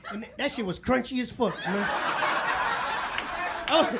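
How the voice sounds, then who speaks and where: A man's voice: very high voice, measured pace. A man doing a brash, profane stand-up comedy set in street slang, recorded live on a comedy club stage. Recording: live club with crowd laughter and noise. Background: audience laughter.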